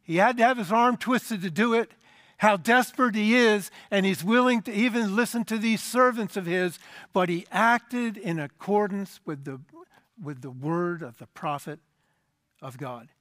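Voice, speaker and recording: A man delivers a sermon, explaining scripture with emphasis. His voice sits high for a man and often sinks low and soft at the end of a phrase. The recording is dry and close. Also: moderate pace, no echo. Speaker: preacher.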